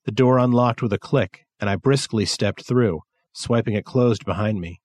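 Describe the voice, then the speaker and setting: A man narrating a science fiction story in a measured, steady reading style. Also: lowish voice, dry recording. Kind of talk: scripted narration.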